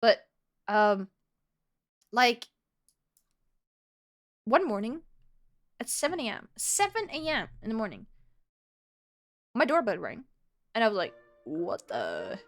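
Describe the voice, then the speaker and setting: A woman's voice: fairly high pitch, sing-song, takes it slowly, long pauses. A woman live streamer chatting casually with her viewers and telling a rambling story, laughing often.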